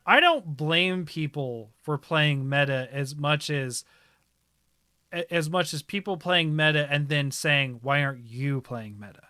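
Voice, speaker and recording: A man hosts a casual talk stream. His voice is bright and a bit higher, with a dry close sound, and he picks his words with care. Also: measured pace, no echo. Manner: thoughtful, rephrases himself. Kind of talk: casual chat.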